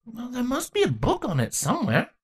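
A woman's voice: fairly high pitch, husky, pitched above the performer's own voice, full character voice. Chrysalis, a woman voicing an eager young changeling. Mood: enthusiastic. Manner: excitable, earnest, quick to gush about history and books. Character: young female changeling princess, bookish and eager.

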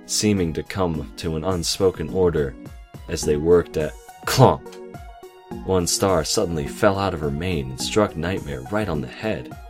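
A man calmly reading a fantasy story aloud in measured narration, over background music. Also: low-pitched. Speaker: story reader.

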